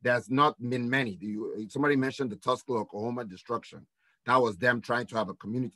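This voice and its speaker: A man's voice: mid-range voice, fast, pushed and bright, no echo. A man with a Nigerian accent hosting a panel discussion, talking earnestly in long rambling runs with restarts.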